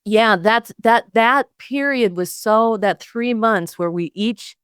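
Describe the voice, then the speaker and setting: A woman's voice: on the high side, takes it slowly, a bit bright, smooth, no room sound, clean studio sound. A woman guest telling her story in a reflective, earnest spiritual conversation, often trailing off and restarting.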